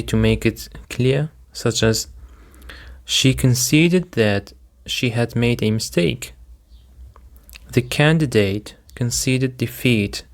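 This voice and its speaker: A man teaching vocabulary as a second-language speaker, repeating each word and walking through its stress, meaning, synonyms and example sentences step by step. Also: mid-range voice. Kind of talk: slow, methodical vocabulary lesson.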